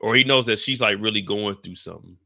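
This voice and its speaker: A young man from the Bay Area hosting a casual TV recap show, animated and profane, often acting out scenes. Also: fairly low pitch, fast, vocal fry. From San Francisco Bay Area. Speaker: show host.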